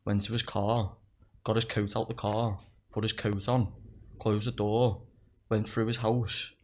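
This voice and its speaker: A man's voice: on the low side, little pitch movement, measured pace, darkish tone, slight background noise. A young man, telling stories in casual chat, swearing and laughing along with himself. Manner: swearing, laughing through his own stories. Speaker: podcast guest.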